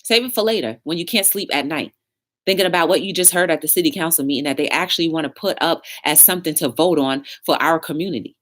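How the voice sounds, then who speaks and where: A woman's voice: low-pitched, quick pace, a bit bright. A woman hosting her own live talk show, chatting casually and preaching about communication while answering comments from the chat.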